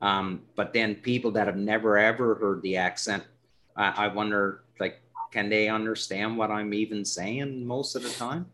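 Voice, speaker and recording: A man's voice: on the low side, fairly even intonation, bright, forceful tone. A man from Newfoundland with a Newfoundland accent, hosting a podcast in casual, rambling chat and laughing easily. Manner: chatty, rambling, quick to laugh. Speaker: podcast host.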